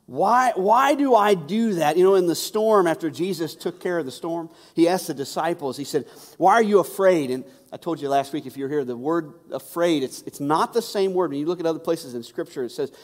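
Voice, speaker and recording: A male pastor with a high-pitched voice gives a conversational sermon, doubling back on words as he presses each point. His voice carries a long reverb from a large hall. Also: a little fast, hardly any pauses. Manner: conversational, repeats words when emphasizing.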